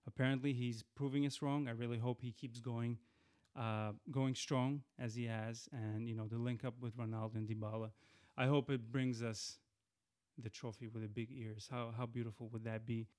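Guy hosting a podcast solo, smooth clear voice, chatty and rambly, lots of restarts. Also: mid-range voice, flat delivery, moderate pace, a little mellow. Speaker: podcast host. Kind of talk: casual solo podcast intro.

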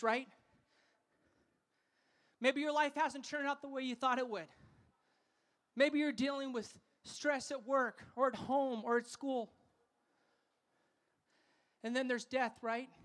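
A man preaching a sermon to a festival crowd, fervent and calling for responses, sometimes rising to shouts. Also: very high-pitched.

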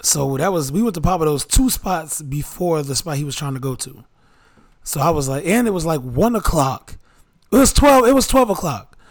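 A man's voice: a little high, expressive, moderate pace. A man co-hosting a podcast, telling stories in a loose, slangy way with laughs in between. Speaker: podcast co-host. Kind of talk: casual chat, storytelling.

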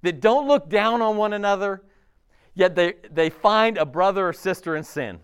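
A man preaching a sermon as a pastor, conversational and animated, with laughs and asides. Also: high-pitched, moderate pace, smooth.

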